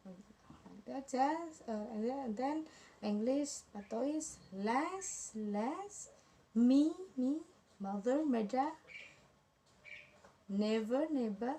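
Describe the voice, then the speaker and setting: A young woman from Indonesia presents to her online class in a slightly high voice. She talks very slowly and haltingly, restarting words as she reads examples aloud. A faint hiss sits under her home mic. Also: dark tone. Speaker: student presenter.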